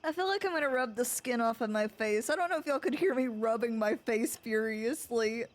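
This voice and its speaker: High-voiced emotional young woman streamer. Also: fairly quick. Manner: emotional, gushing, near tears; rambling, repeats herself. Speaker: live streamer. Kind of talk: casual live-stream chat.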